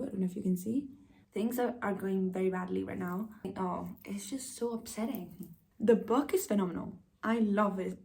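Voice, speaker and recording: A young woman book vlogger chats casually, her medium-pitched voice gravelly and somewhat dark in tone. She gushes emotionally about books, at times dropping almost to a whisper.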